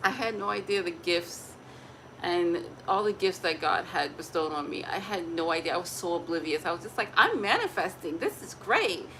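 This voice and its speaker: A woman's voice: on the low side, steady tone, normal speed, a bit bright, slight background noise, rough recording. A pregnant woman chatting candidly to her viewers on a phone, earnest and rambling, often laughing mid-sentence. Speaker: family vlogger. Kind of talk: candid casual chat to viewers.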